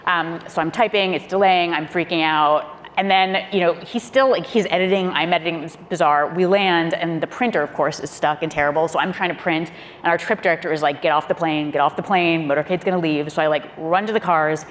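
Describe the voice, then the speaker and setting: Animated woman telling a story in a hall. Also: lowish voice, fairly quick. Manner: animated storyteller, acting out quotes, laughing often. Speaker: former presidential speechwriter on a panel. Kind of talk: lively anecdote told to a live audience. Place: auditorium panel event. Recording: long hall reverb, faint room noise.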